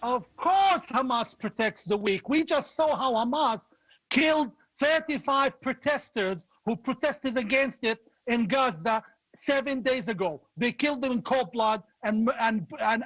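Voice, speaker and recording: A man with a strikingly high voice delivers forceful, indignant political commentary and hammers the same points again and again. The sound is dry and muffled, like a dull remote feed. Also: no room sound. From Palestinian, raised in Jordan. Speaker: political opposition leader.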